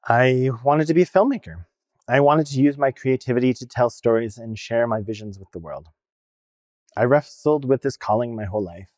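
A non-binary minister with a male-sounding voice of ordinary pitch gives a personal sermon, earnest and reflective as the stories unfold. The voice sits close and dry with no room around it. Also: a little mellow, no room sound.

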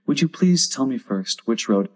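A man's voice: medium pitch, animated, moderate pace, a little mellow, natural voice. A man voicing a polite, curious young girl with a prim, earnest manner.

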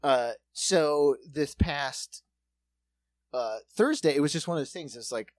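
A man's voice: on the high side, animated, measured pace, dry recording. Profane, ranting male storyteller; dry, close sound. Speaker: restaurant server and bartender. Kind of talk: casual podcast chat.

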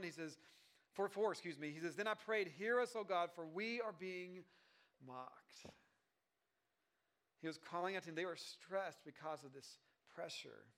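High-voiced male pastor, chatty sermon. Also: fairly bright tone, smooth. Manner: conversational, joking asides, many fillers and restarts.

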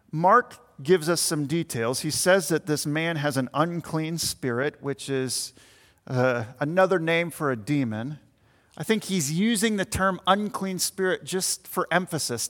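A man's voice: a little high, a bit bright. A man, a pastor, preaching a sermon to his congregation and inviting them to picture the scene as he explains. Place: church meeting room with congregation. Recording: long hall reverb.

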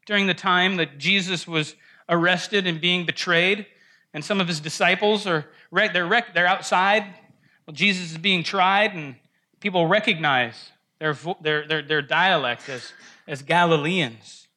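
A man's voice: sits high, measured pace, sharp tone. A man teaching an informal Bible study class in a church room, talking conversationally, often asking the group questions and restarting his phrases.

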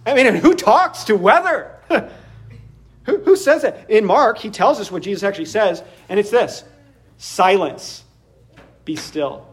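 Male pastor, slightly high voice, animated sermon delivery with frequent laughs. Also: moderate pace.

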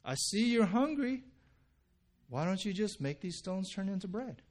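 A man voicing a smooth-talking male devil who coaxes and tempts with persuasive questions. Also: sits high, very animated, moderate pace, voice pushed up. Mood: coaxing.

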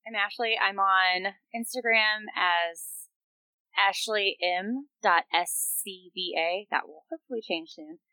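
A woman's voice: medium pitch, unhurried, bright, forceful tone, dry recording, low-quality recording. A woman playing a tabletop game, chatting casually and filling her talk with "like". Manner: chatty, uses "like" a lot. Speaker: player.

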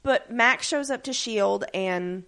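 A slow-talking podcast co-host with a slightly high voice narrates a recap in casual chat. She gets animated, performs characters' lines mid-story, swears freely and leans on plenty of fillers.

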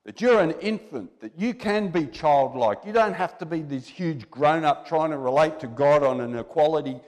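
A man's voice: on the high side, expressive, moderate pace, a little mellow. Exhorting male preacher in a reverberant hall. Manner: exhorting, conversational, with rhetorical questions. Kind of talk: sermon. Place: church hall. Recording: long reverb in a church hall.

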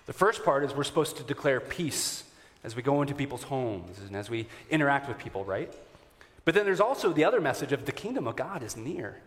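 A man preaching a sermon to his congregation as their pastor, earnest and warm, with occasional fillers and restarts. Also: medium pitch, very animated, fairly quick, slight background noise. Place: church sanctuary. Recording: reverberant church hall.

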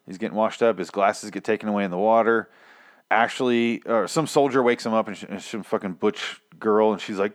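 A man's voice: fairly low pitch, a little fast. A young man recapping a TV episode casually, rambling, swearing and breaking off mid-sentence. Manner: rambling, profane, self-interrupting. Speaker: TV reviewer.

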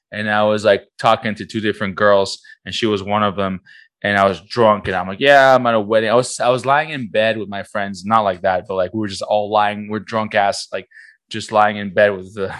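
Rambling young New man, low voice. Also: fairly bright tone, no room sound. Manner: rambling, acts out quoted voices. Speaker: podcast co-host. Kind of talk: casual storytelling chat.

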